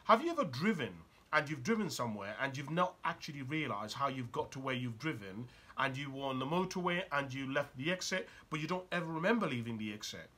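A man's voice: medium pitch, lively intonation, fast, hardly any pauses, pushed and bright, slightly rough. A man giving a motivational talk. He speaks urgently and keeps asking the listener probing rhetorical questions.

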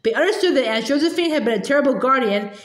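Woman reading a novel aloud, high voice. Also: lively intonation, quick pace. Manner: frequent throat-clearing, small restarts. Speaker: audiobook reader. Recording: roomy echo.

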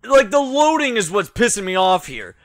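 A man's voice: sits high, very animated, normal speed, no room sound, soft background music. Swearing, frustrated young gamer man. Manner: frustrated, swears a lot, muttering to himself. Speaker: gaming YouTuber. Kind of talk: let's play commentary.

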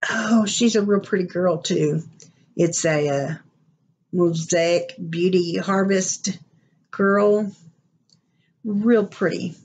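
A woman's voice: lowish voice, slow, pauses often, darkish tone, slight background noise. A woman from Oklahoma with an Oklahoma accent, chatting casually and rambling through an unboxing vlog. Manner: chatty, rambling, laughs often. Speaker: vlogger.

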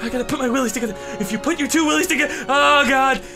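A man with a very high voice narrates his own gameplay in an excitable, mock-serious way, full of crude jokes. Music plays clearly behind him. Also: rapid-fire. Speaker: gaming commentator. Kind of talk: comedic gameplay commentary. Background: background music.

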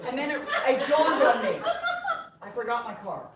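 An older woman giving a humorous personal testimony at a conference, an animated storyteller who acts out the people in her story. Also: fairly high pitch, normal speed, heavy background noise. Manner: animated storyteller acting out quotes. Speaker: conference speaker. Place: large conference hall. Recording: roomy hall, distant mic, loud audience. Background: audience laughter.

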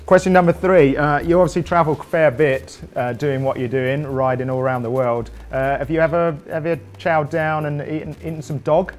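A man's voice: fairly high pitch, normal speed, few pauses, soft background music. A British man interviewing a guest, with teasing, playful banter. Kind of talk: jokey casual interview.

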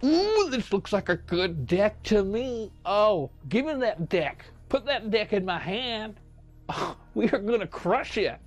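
With faint music in the background, a man gives a full character voice that is high-pitched, sing-song, and slow. He impersonates a touchy, self-assured older male statesman, chatting and rambling through comedic gaming commentary while muttering over his card picks.

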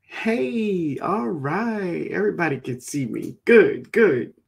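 A woman hosts a casual gardening live stream. She talks slowly with a gravelly, husky edge and a voice that rises and falls a lot, greeting viewers one by one. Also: fairly low pitch, big pitch swings. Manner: greets chat viewers by name, chatty and laughing.

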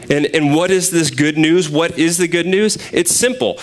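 A young man preaching a sermon, retelling a scripture passage in a conversational, animated storytelling way. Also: a little high, a little slow, few pauses, slight background noise.

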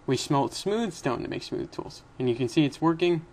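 With slight background noise, a young man's fairly high, expressive, slightly mellow voice moves at a moderate pace. He's the host of a casual screen-recorded coding tutorial, chatty with little laughs, rambling and correcting himself as he goes.

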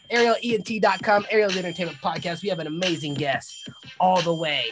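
A high-voiced man hosts a casual podcast. He is pumped up and loud, and he throws in shouts and whoops as he talks. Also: fairly quick, music in the background. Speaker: podcast host.

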